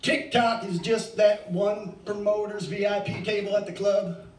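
A man's voice: sits high, fairly even intonation, a little slow, slight background noise. A middle-aged man doing open mic stand-up, rambling and swearing freely. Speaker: stand-up comic. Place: bar stage. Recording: echoey bar, mic far off.

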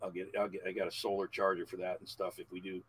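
A man in his forties, a podcast guest, telling a long profane story in a loud, animated way. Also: low-pitched, fast talker, a little hiss or hum.

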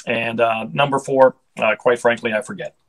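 A man's voice: medium pitch, steady tone, moderate pace, a little hiss or hum, low-quality recording. A middle-aged man, a hockey broadcaster, chatting casually in an interview with an upbeat, rambling manner and frequent restarts.

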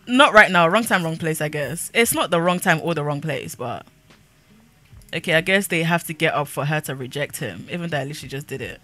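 Chatty young woman with a bright voice. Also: deep voice, moderate pace. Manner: chatty, laughs often, narrates the characters' dialogue. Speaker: gaming YouTuber. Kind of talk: casual let's-play commentary.

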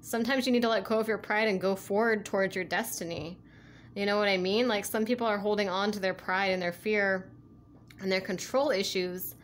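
A woman's voice: medium pitch, steady tone, fairly quick, slight background noise. A woman giving a casual spiritual tarot reading, rambling and full of "like" and "you know", laughing easily. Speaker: tarot reader.

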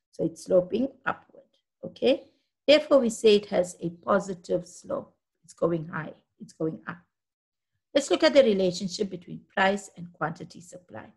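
A woman's voice: medium pitch, gravelly, husky. A woman teaching a school lesson, patiently walking learners through graphs and checking that they follow. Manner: patient, checks understanding often. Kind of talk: classroom lesson explaining graphs.

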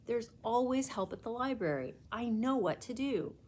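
Storybook role: a keen, can-do little girl, bright and higher, read by a woman. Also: lively intonation, normal speed, slight background noise, natural voice. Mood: eager. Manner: bright, eager storybook delivery. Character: eager, upbeat young schoolgirl leader.

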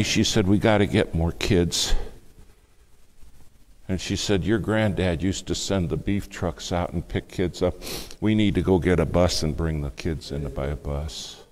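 A man preaching a sermon, telling a family story with hushed asides and louder bursts. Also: low-pitched. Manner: dramatic storytelling, acts out quoted speech, shifts between hushed and loud.

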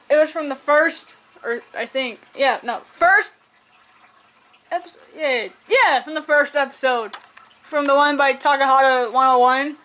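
A woman's voice: high-pitched, a bit bright. A young woman in casual reaction commentary, rambling and swearing as she films on a handheld camera. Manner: rambling, profane, laughs a lot. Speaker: reaction video host.

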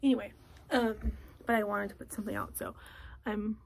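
A young woman vlogging in a casual chat from a closet at home, talking softly and often slipping into a whisper. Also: medium pitch, fairly even intonation, fairly quick, creaky. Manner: soft, often drops to a whisper.

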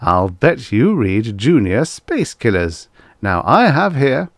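A polished, smooth-voiced robot salesman pitching his wares with a lively sing-song rise and fall, as a narrator puts him on. The sound is close and dry. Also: normal speed, dry recording, close to an everyday voice. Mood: salesy.

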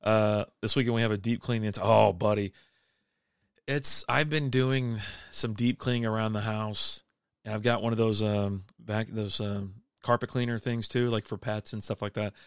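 Middle-aged male host, easygoing rambling chat, smooth close dry sound. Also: lowish voice, fairly even intonation, moderate pace, no room sound. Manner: rambling, laid-back, lots of fillers and restarts. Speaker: livestream beer show host. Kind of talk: casual chat reading live comments.

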